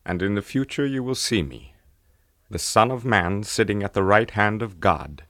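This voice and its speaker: An actor playing a calm, solemn male prophet on trial, speaking in a measured way in an old-time radio drama. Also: lowish voice, no echo, studio quality.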